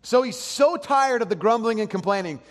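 A man preaching a sermon as pastor, animated, swinging between hushed and loud. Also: very high voice, normal speed. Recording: long hall reverb.

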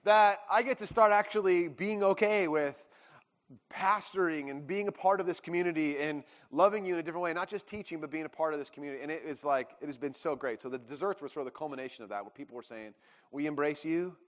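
A man's voice: a little high, fast. A man in his thirties, a pastor telling his own story to a congregation, rambling with restarts and acting out quotes. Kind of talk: personal testimony to a congregation. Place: church sanctuary. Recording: long hall reverb.

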